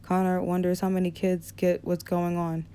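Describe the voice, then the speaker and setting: A woman narrating an audiobook in a relaxed reading style, with small slips and restarts. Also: fairly low pitch, moderate pace, clean tone. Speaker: audiobook reader.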